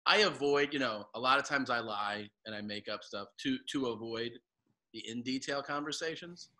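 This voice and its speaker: Comedian guest, man, bright voice, laid-back anecdote teller, average pitch. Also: normal speed. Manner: laid-back anecdotes, drops low and quiet for quoted people. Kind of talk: casual chat.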